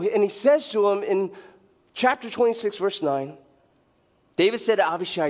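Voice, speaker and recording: Male pastor, higher voice, animated storyteller in a church sermon. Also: normal speed, pauses often, long reverb tail. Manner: animated storytelling, acting out characters' lines. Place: church sanctuary.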